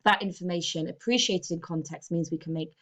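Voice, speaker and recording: A woman's voice: lowish voice, steady tone, a little fast, a bit bright. A woman English teacher giving a recorded lesson, explaining step by step and often checking in with her students.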